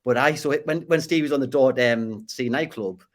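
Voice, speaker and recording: A man's voice: medium pitch, fairly quick. A man with a Geordie accent, a podcast guest telling stories in casual conversation, repeating and restarting words as he goes. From Northeast England. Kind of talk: casual interview storytelling.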